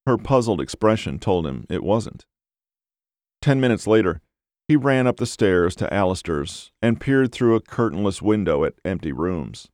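A man narrating a dark novel as an audiobook, in a measured, unhurried way. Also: on the low side, expressive, no echo, clean studio sound.

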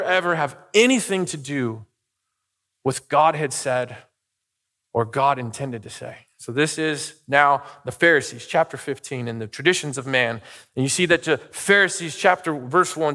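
This middle-aged man's voice sits on the high side with a fairly bright tone. Preaching as pastor in a church sanctuary, he speaks conversationally, shares personal stories and keeps tossing in "okay?" and "right?", all carried by the long reverb of a church hall.

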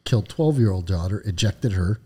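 Mellow-voiced man telling a war story. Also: deep voice, expressive, a little fast, breathy edge. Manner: profane, frequent "right?" tag questions. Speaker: podcast co-host, former highway patrol lieutenant. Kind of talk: casual spoken storytelling.

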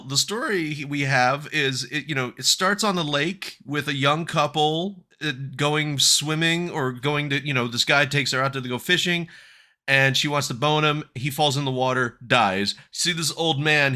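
A man hosting a casual film review chat, wry and quick to laugh. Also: a little high, sharp tone. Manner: wry, laughs often, talks through a plot summary. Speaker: podcast host reviewing a film.

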